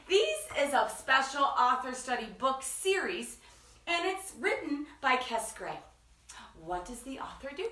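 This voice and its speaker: A woman's voice: sits high, big pitch swings, moderate pace, sharp tone, reverberant, recorded from a distance. A woman hosting a children's story time, talking to kids in a sing-song, enthusiastic teacher way. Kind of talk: children's read-aloud lesson.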